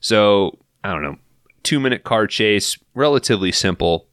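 A man on a podcast recapping a film in casual, profane, animated storytelling, acting out the characters' lines as he goes. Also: fairly low pitch, moderate pace, no echo, studio quality.

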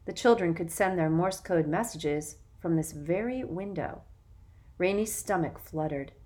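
A woman narrating a children's novel in a measured, expressive way. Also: lowish voice. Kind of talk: audiobook narration.

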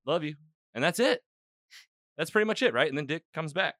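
Bright-voiced man rambling through a recap. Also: on the high side, brisk, no echo, studio quality. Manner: rambling, animated retelling with quoted lines. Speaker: podcast host. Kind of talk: casual episode recap chat.

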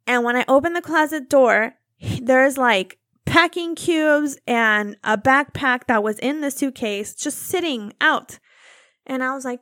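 A young woman telling a long, animated story about a domestic squabble, acting out both sides of the argument. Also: high-pitched, unhurried, dry recording, clean studio sound. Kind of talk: casual storytelling chat.

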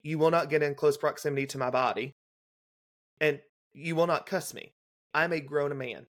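A man's voice: on the high side, fairly even intonation, fairly bright tone. Man telling a clinical story in detail. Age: young adult. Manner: detailed, brisk clinical storytelling, acts out quoted dialogue. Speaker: guest, legal nurse consultant. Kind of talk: casual storytelling in a podcast interview.

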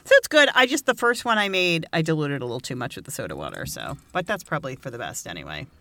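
A woman's voice: deep voice, sing-song, fast talker, bright, forceful tone, dry recording, studio quality. A woman co-hosting a podcast in casual chat, joking and sarcastic, laughing often with crude, irreverent humor. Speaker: podcast co-host.

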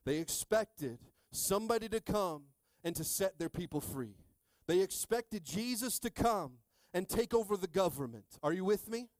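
A male pastor in his thirties preaching a sermon, calling out to the congregation and swinging from quiet asides to shouting. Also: high voice, lively intonation, normal speed, few pauses, dry recording.

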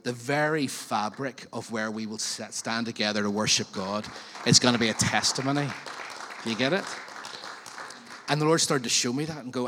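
A man preaching a sermon as pastor, in a chatty, animated way with frequent questions to the congregation. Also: mid-range voice, moderate pace. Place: church auditorium. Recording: long reverb of a church hall.

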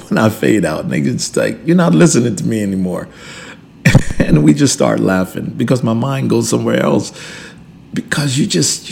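In a medium-pitched, creaky voice, a pastor teaches conversationally on his podcast, with emphatic, preacher-style build-ups. He restarts and repeats words and chuckles between points, and there's a little hiss or hum in the audio.

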